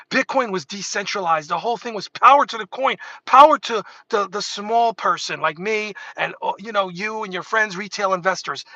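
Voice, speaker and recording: A man's voice: high-pitched, pushed and bright, no room sound, muffled recording. A man hosting a livestream, talking casually and animatedly to the camera, rambling and often interrupting himself. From New York State. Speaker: livestream host.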